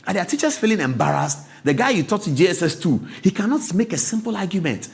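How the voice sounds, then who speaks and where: Lively Ghanaian man telling a story. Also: high voice, quick pace. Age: 40s. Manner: laughs often, stammers and repeats words. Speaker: host. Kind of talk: animated storytelling monologue.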